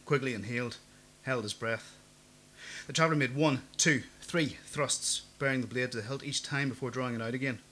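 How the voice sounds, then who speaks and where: A man narrating an audiobook in a measured, even storytelling manner. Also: medium pitch, a little hiss or hum.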